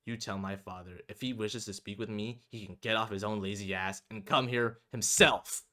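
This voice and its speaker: A man's voice: lowish voice, fairly even intonation, moderate pace, bright, forceful tone. A man voicing a defiant young male student who speaks curtly and sarcastically. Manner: curt, sarcastic, muted.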